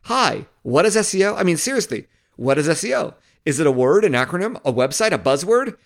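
A man's voice: on the high side, very animated, a little fast, vocal fry. A man reading out a script as a baffled, whiny male stand-up comic, asking question after question. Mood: exasperated. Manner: exasperated, rising questions.

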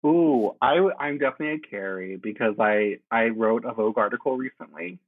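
A man chatting as a guest, animated and laughing, with lots of "like" in his speech. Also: mid-range voice, brisk, no room sound. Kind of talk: casual podcast chat. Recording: tinny phone-like line.

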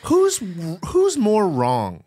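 In clean studio sound with no room sound, a man with a high, warm voice speaks very slowly while his pitch swoops wildly. He co-hosts a casual comedic podcast, riffing sarcastically with absurd jokes.

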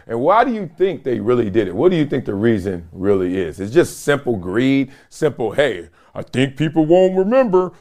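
A middle-aged man hosting casual solo sports commentary, slangy and animated, laughing often and talking straight to his viewers. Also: medium pitch.

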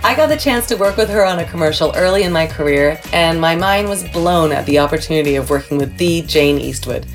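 A woman's voice: low voice, animated, a little fast, hardly any pauses, faint music behind. A woman from Canada hosting a podcast, enthusiastic and gushing as she introduces her guest and chats with her. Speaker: podcast host.

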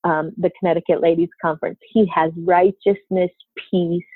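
A woman's voice: on the low side, flat delivery, moderate pace, breathy edge, no room sound. A middle-aged woman talking earnestly and from the heart about faith, sharing her own experience as a guest. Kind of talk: faith-based conversation. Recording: tinny phone-like line, dry.

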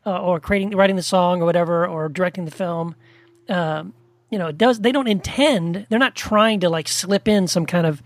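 Speaking at a moderate pace in a high-pitched voice with no echo, this co-host rambles earnestly about faith on a podcast. He restarts his sentences many times during the casual conversation.

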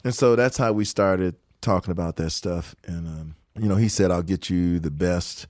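An older man, a guest musician, telling anecdotes from his career in an animated way, often laughing and acting out other people's words. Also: sits low, normal speed, dry recording, clean studio sound. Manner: animated storyteller who acts out quotes and laughs often. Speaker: guest musician, guitarist and songwriter. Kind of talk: storytelling interview anecdotes.

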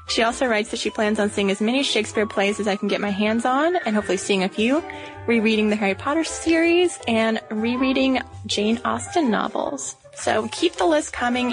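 A woman co-hosting a podcast in friendly, conversational chat. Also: on the high side. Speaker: podcast co-host.

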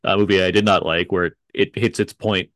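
A man hosting a film podcast, chatting in a relaxed, hedging way and chuckling often. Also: deep voice, fairly quick, no echo. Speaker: podcast host. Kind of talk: casual podcast chat.

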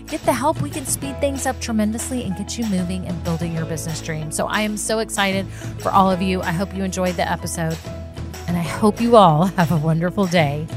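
A woman's voice: lowish voice, a little fast, music in the background. A woman hosting a podcast and coaching business owners, talking in an effusive, gushing way. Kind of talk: casual interview chat.

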